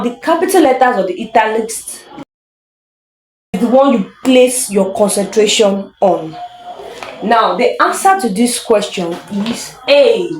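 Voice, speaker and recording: A woman's voice: mid-range voice, a little hiss or hum. Chatty woman teacher, echoey room. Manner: chatty, laughs often, slow emphatic reading of examples. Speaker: English teacher. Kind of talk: casual online lesson.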